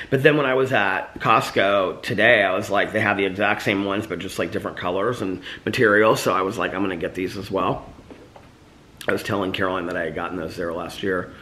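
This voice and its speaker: Sore-mouthed after losing a tooth, this American vlogger rambles about his day with a slight lisp and plenty of fillers. He talks fast with few pauses in a lowish, slightly bright voice, and there's a little hiss or hum.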